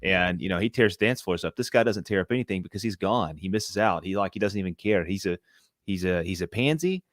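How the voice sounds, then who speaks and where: A man co-hosting a casual live-stream movie debate, rambling and getting loud when heated. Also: sits low, expressive, a little fast, no room sound, studio quality.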